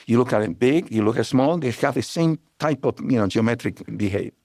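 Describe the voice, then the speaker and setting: Older male scientist guest, gravelly, explains in loose anecdotal bursts. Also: medium pitch, fairly quick, dry recording, studio quality. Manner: digressive, anecdotal, many restarts, animated storytelling. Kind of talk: relaxed explanatory interview talk.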